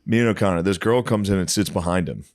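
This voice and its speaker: A man's voice: deep voice, quick pace, a little mellow, dry recording, clean studio sound. A man co-hosting a podcast, telling a crude bar story in casual chat, laughing as he acts out what people said. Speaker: podcast co-host.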